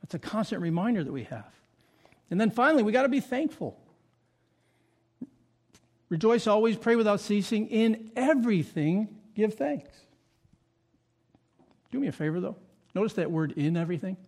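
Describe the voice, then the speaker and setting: A pastor delivering a sermon, moving between loud, emphatic points and quiet, reflective asides. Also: male voice, high voice, big pitch swings, normal speed, pauses often.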